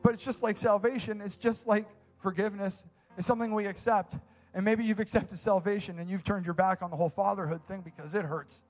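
A man's voice: high voice, fairly even intonation, brisk, soft background music. A young man preaching a sermon as a youth pastor, earnest and enthusiastic, repeating phrases for emphasis.

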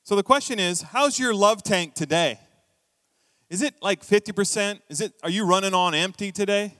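A middle-aged man preaching a sermon in a church, telling stories with lively acted-out quotes. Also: high-pitched, moderate pace, no echo, in a large hall. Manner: storytelling, animated, acts out quoted voices. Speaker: pastor. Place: church hall.

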